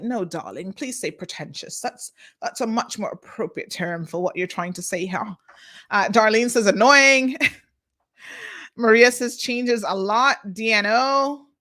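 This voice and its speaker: Woman hosting a live talk show, bright punchy voice, blunt and emphatic, chatting straight to viewers. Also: mid-range voice. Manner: outspoken, emphatic, addresses viewers directly. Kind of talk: unscripted live commentary, reading viewer comments.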